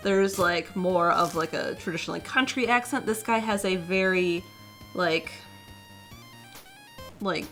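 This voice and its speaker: A woman's voice: fairly low pitch, measured pace, pauses often, a bit bright, faint music behind. A woman co-hosting a casual chat show, adding details and finishing her partner's sentences. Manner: chatty, adds details and finishes his sentences. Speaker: co-host.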